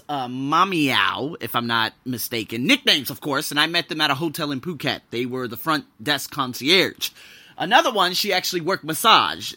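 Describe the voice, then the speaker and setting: A man, likely in his twenties, hosting a podcast and telling a personal story in a casual, excitable way, with loud exclamations and some profanity. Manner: animated, swings between loud exclamations and low asides. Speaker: podcast host.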